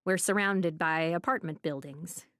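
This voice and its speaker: A woman voicing a kindly, matter-of-fact old woman psychic in an audiobook, speaking slowly and soothingly. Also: fairly low pitch, fairly bright tone, no room sound, studio quality, voice pushed down. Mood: reminiscing. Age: older. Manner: slow, soothing, motherly, calls everyone dear.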